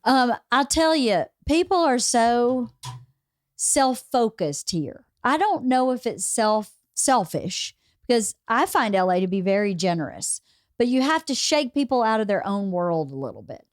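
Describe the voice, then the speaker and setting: A woman's voice: fairly high pitch, sing-song, a little slow, dry recording. Woman, Southern American accent, podcast host, casual chat, dry sound. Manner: warm, chatty, acts out quoted voices.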